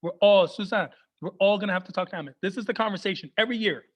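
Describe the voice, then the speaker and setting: Young guy doing standup over a video call, talks super fast and high, jumps between two languages. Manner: fast, animated storytelling mixing two languages. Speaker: stand-up comedian. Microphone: computer mic for a video call.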